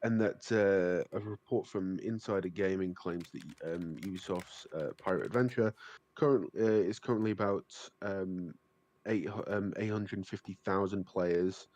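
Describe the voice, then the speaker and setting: A man co-hosting a casual gaming podcast, relaying news in a halting way with many fillers. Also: sits low, darkish tone. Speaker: podcast co-host.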